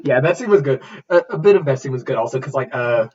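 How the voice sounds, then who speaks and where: A man's voice: mid-range voice, lively intonation, quick pace, a little mellow, muffled recording. A man co-hosting a comedy podcast, rambling through a movie recap with sarcastic jokes, swearing and lots of "uh" fillers. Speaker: podcast co-host. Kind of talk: casual comedic chat.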